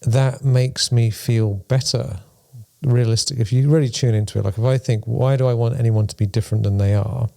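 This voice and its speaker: A man's voice: medium pitch, steady tone, moderate pace, creaky, mellow. A man co-hosting a spiritual discussion podcast, talking things through thoughtfully and using playful examples. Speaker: podcast co-host.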